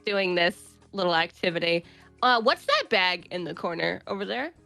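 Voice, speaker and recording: A woman's voice: on the low side, lively intonation, normal speed, vocal fry, pushed and bright, faint music behind. A woman playing a comedic tabletop game as a guest, brash and joking and swearing freely. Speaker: guest player.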